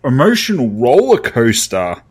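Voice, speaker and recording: A young Australian man co-hosts a podcast in a husky, mid-range voice with huge pitch swings and a measured pace. The talk is casual chat, and he's laid-back, rambling with lots of fillers.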